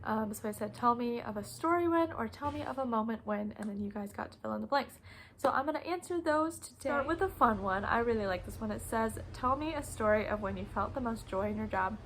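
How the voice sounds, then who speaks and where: A woman's voice: fairly high pitch, quick pace, fairly bright tone, a little hiss or hum, low-quality recording. A young woman who teaches preschool, casually telling classroom stories in a vlog, often laughing. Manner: chatty, laughs often, acts out kids' voices.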